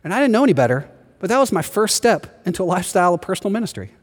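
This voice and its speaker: A man preaching a sermon as pastor, telling stories with animated delivery and acting out the voices of the people in them. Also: high voice, rapid-fire. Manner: animated storytelling, acts out quoted voices. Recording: long hall reverb.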